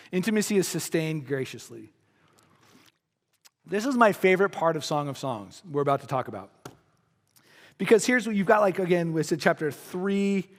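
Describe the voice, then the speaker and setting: A man preaching a sermon as pastor, casual and joking, with animated asides. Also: fairly high pitch. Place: church sanctuary. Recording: long church-hall reverb.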